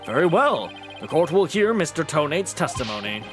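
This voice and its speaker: A man's voice: a little high, very animated, moderate pace. A man voicing a stern, formal elderly male judge, with faint game music behind. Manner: formal, commanding.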